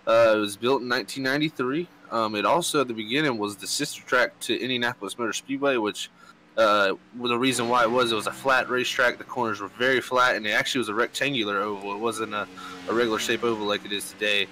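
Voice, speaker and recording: A man co-announcing a racing broadcast who shares track facts in a filler-heavy way. His voice is bright. Faint noise can be heard behind him. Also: medium pitch, fairly even intonation, fast, poor audio. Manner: informative, filler-heavy delivery. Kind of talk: race commentary and track facts.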